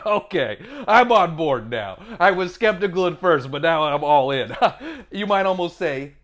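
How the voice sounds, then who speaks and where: A man's voice: sits high, animated, normal speed. A man hosting a board game unboxing, off the cuff and playful, with goofy asides.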